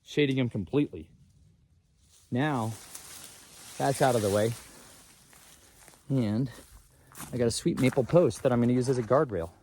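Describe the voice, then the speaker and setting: A man vlogging on a walk through a forest, folksy and excitable, talking straight to his viewers. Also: mid-range voice, normal speed, pauses often, slight background noise. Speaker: homesteader vlogger. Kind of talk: walk-and-talk forest vlog. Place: outdoors in a forest.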